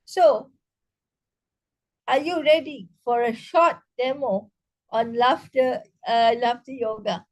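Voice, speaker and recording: A woman with a high voice leads an online laughter yoga workshop. She talks slowly, stumbling through restarts and fillers, then breaks into loud rhythmic ha-ha exercises. She is heard over a video call. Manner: hesitant, halting with many restarts and fillers. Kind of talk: online interactive workshop talk.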